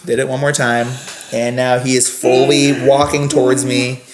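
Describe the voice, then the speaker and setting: A young man tells animated, rambling stories as a podcast guest. His voice sits in a middle pitch, and the room around him adds a noticeable echo. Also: normal speed, a crowd in the background. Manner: animated, rambling, many fillers. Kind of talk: casual storytelling. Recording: roomy echo.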